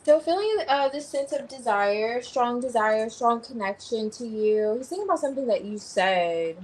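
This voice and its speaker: A woman's voice: on the high side, animated, normal speed, poor audio. A woman giving a tarot reading on a livestream, thinking aloud as she turns over cards. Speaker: tarot reader.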